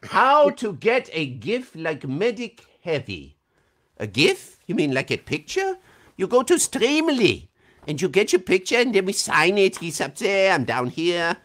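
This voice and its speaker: This voice actor speaks high and unhurried, his pitch swinging widely and his tone fairly bright. On a relaxed livestream Q&A held over video call, he playfully fields fan questions, laughs often and reads out viewer comments.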